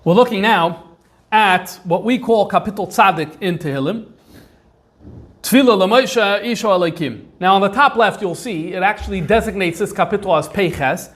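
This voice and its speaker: High-voiced man lecturing with many fillers. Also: normal speed, fairly bright tone. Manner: conversational, thinks aloud with frequent fillers. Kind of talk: informal lecture on manuscripts.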